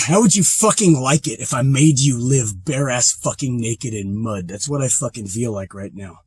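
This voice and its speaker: A man's voice: mid-range voice, expressive, moderate pace, darkish tone, breathy edge, dry recording. A man driving a truck, talking casually to the camera and ranting angrily with constant swearing. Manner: angry, profane ranting. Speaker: truck driver. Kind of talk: casual vlog rant while driving. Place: truck cab on the road.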